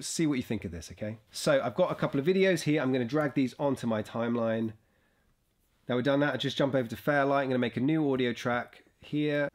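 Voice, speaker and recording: A man giving a casual step-by-step tutorial while recording on a laptop's built-in microphone in a houseboat bedroom. He explains as he goes and keeps checking in with "okay?" and "right?". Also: mid-range voice. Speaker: video creator.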